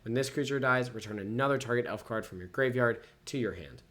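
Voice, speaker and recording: A man with a fairly quick, somewhat bright medium-pitched voice reads card text aloud for a casual set review. He's sleepy, yawning every so often, and scores each card out of ten.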